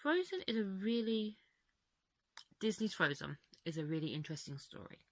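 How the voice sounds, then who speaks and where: Chatting candidly to camera from home, this young woman rambles and laughs a lot, her slightly worn voice going. She speaks at normal speed in a sing-song, mid-range voice, with no echo.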